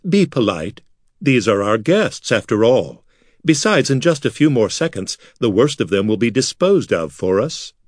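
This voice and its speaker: A man voicing a cruel, scheming male noble who mocks his enemies in a smooth, theatrical manner. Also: medium pitch, very animated, moderate pace, no room sound, studio quality. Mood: mocking menace.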